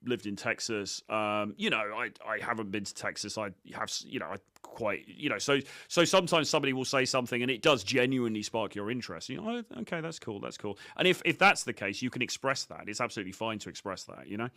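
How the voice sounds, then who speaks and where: A man's voice: fairly low pitch, lively intonation, fast, few pauses, pushed and bright, no echo, clean studio sound. A man and dating coach giving casual, cocky commentary on his own street footage, swearing freely.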